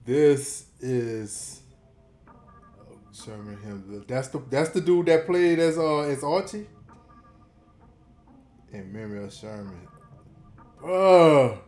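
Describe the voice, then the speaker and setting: A man's voice: mid-range voice, expressive, slow pace, pauses often, a little mellow. Laid-back man reacting to a sitcom. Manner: laid-back, slangy, laughs often. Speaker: reaction video host. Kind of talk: casual reaction commentary.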